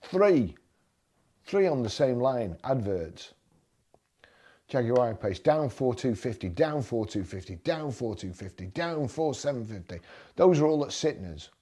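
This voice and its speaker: A man talks through car listings in a blunt, exasperated way, his voice dark and mellow. He goes over the same points again and again when riled, and his pitch sits mid-range for a man. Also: big pitch swings, unhurried. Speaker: motoring vlogger. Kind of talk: screen-browsing commentary and rant.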